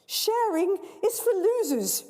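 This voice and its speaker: A greedy, thin little girl, voiced by a woman reader, shrill and demanding. The voice sits very high with a mellow tone. It echoes with the long reverb of a large hall. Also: very animated, slow pace, heavily acted.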